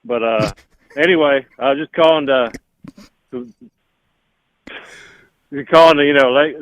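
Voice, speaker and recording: A man's voice: fairly high pitch, a little slow, no echo. A man putting on a drawling, fatherly caller styled after a famous singer, who keeps calling the host little buddy. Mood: cheerful. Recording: tinny phone line.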